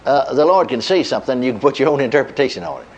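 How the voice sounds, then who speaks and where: A man's voice: very fast, highs cut off, slight background noise. A middle-aged man preaching a sermon, telling a story in a folksy way with chuckles and repeated words. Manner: lively pitch, dropping low at line ends.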